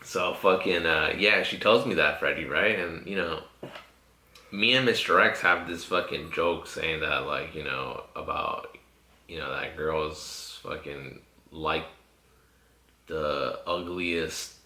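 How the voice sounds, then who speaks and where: A man with a deep, bright-edged voice tells a story in a relaxed, foul-mouthed way, padding his talk with "you know" and "like." The sound is roomy and echoey. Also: slow pace. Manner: profane, laid-back storytelling with frequent fillers. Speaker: podcast host. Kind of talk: casual podcast chat.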